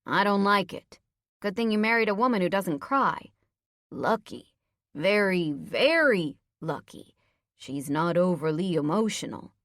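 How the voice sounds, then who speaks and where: A woman reading an audiobook, voicing a soft-spoken male police officer and young father with a gentle, wry manner. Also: lowish voice, lively intonation, unhurried, dry recording, studio quality. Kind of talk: audiobook character voice.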